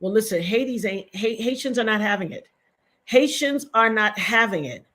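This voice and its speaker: A woman's voice: medium pitch, expressive, normal speed, pushed and bright. A middle-aged woman giving impassioned, emphatic live-stream commentary to her chat, repeating points for stress.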